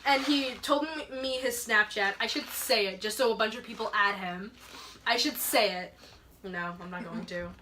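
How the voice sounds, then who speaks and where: Over a noisy background, a podcast co-host, a young woman with a mid-range voice, shares a personal story at a moderate pace. Her telling is rambling, packed with "like," and punctuated by frequent laughter.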